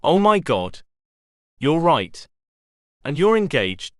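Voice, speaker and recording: A man's voice: fairly high pitch, very animated, slow pace, fairly bright tone, no room sound, exaggerated voice. A man voicing a flustered young woman in a romance audiobook, staying close to his own voice.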